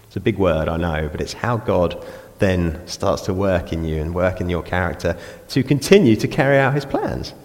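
A man with an English accent preaching a sermon in a church, animated, acting out the voices of people praying and grumbling. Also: low-pitched. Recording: long reverb of a church hall.

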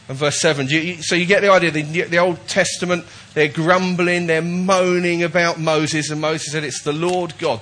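A pastor preaches a sermon to his church in a slightly high, somewhat bright voice. He's emphatic and repetitive, often restarting his words with false starts.

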